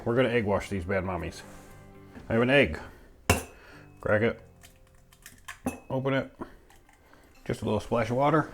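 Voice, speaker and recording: A man hosting a casual home cooking vlog, joking and talking to himself while he bakes and eats. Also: lowish voice. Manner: playful, jokey, talks to himself while cooking; eating and chewing while talking. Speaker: cooking channel host.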